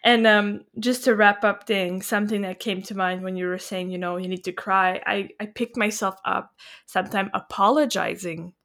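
A woman's voice: medium pitch, fairly even intonation, normal speed, a bit bright. A woman hosting a casual podcast chat, affirming her guest and chatty, with playful asides. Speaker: podcast host, coach.

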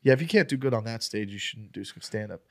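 A man's voice: on the low side, quick pace. A young adult man, a stand-up comedian, telling a story in casual chat with lots of swearing, acting out the quotes in a raised voice. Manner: profane, animated, acts out quotes in raised voice. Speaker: stand-up comedian, podcast guest.

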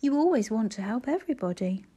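A woman's voice: on the high side, expressive, quick pace, mellow, breathy edge. A woman voicing an eager, earnest young girl in a storybook reading, pleading and breathless.

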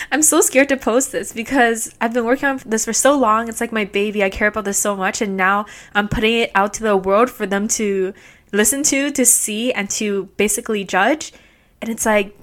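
A young woman talks into her podcast microphone in a loose, candid monologue, with a voice that sits slightly high. She laughs often and scatters fillers through her talk. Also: fairly bright tone. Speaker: podcast host. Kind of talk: casual solo podcast monologue.

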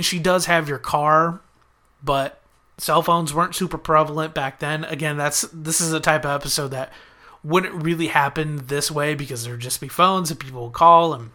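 A man's voice: on the high side, pushed and bright. A man casually recapping a TV episode as a podcast host, chatting through the plot and quoting the characters in his own voice.

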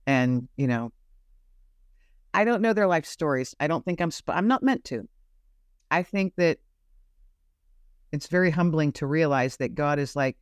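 Her deep voice carries lively intonation as this female guest tells personal faith stories at a normal pace, pausing often. She is earnest and searching, repeating herself while trying to find the right words. Clean studio sound, no room sound.

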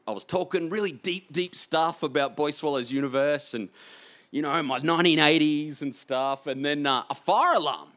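A man speaks on stage before a live audience with a bright, pushing tone. He rambles through his stories with lively energy, circling back and restarting as he goes. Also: medium pitch. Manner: animated, rambling storyteller. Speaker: author being interviewed.

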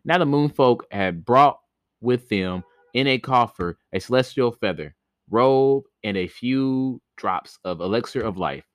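A man's voice: medium pitch, animated, unhurried, no echo, studio quality. A man reading an old myth aloud for a podcast, stumbling over words now and then and breaking off to joke about it. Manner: reads with stumbles and laughing commentary. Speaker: podcast host reading myths. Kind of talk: casual read-aloud storytelling with asides.

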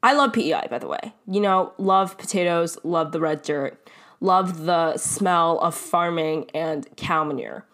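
A young Canadian woman with a slightly low voice hosts her own podcast, chatting freely about her life. She rambles off on asides, laughs as she goes and swears casually. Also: a little slow, a bit bright. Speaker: podcast host. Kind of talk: casual solo podcast storytelling.

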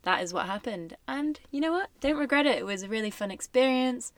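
A woman's voice: a little high, expressive. A woman co-hosting a podcast in casual chat, playful and teasing. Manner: playful, teasing, quick laughs. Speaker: podcast co-host.

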